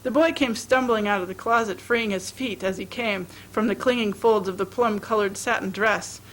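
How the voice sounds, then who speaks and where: A woman reading a short story aloud in a steady, expressive storytelling manner. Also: mid-range voice, moderate pace, slight background noise, rough recording. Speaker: reader.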